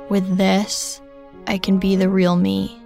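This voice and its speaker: A young woman narrating a scripted first-person story in a slow, reflective way. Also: mid-range voice, completely flat delivery, creaky, darkish tone, soft background music.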